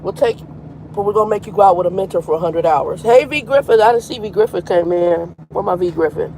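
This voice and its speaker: A woman's voice: medium pitch, fast talker, dark tone, slight background noise, low-quality recording. A woman in her fifties, a truck driver chatting frankly on a casual live stream and greeting viewers by name. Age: 50s. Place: in a truck cab at a terminal.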